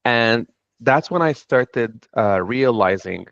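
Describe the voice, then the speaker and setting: A man's voice: mid-range voice, expressive, slow pace, fairly bright tone, no room sound. A middle-aged man from Lebanon with a Lebanese accent, speaking earnestly on a panel about his own path. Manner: earnest, reflective storytelling. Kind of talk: panel talk. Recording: dull dry sound.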